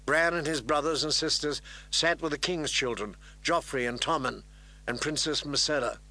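A man narrating a fantasy novel in a measured, even storytelling voice. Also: medium pitch. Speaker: audiobook narrator.

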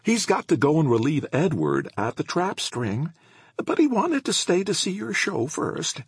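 A man's voice: fairly high pitch, huge pitch swings, measured pace, husky, no echo, clean studio sound, voice pushed up, exaggerated voice. A man voicing a chatty, eager old woman who rattles on with fond memories in an audiobook.

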